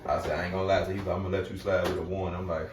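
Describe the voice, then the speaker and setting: A man tells a rambling story at a quick clip, and the voices he acts out for other people jump up loud. The sound is roomy and echoing. His voice sits away from the mic, with steady noise behind it. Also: low-pitched. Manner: animated, acts out quoted voices loudly. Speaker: storyteller guest. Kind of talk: casual storytelling. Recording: echoey room, mic far off, noisy.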